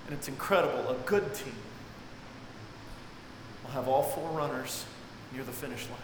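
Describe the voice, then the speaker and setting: A man preaching a sermon, swinging dramatically between near-shouts and hushed, low passages. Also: normal speed. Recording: echoey hall with faint noise.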